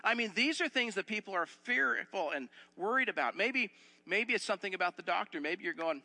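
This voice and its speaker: A man's voice: sits high, animated, fairly quick, vocal fry, bright, forceful tone, big-room sound. A man preaching a sermon as pastor, earnest, repeating phrases and asking the listeners direct questions.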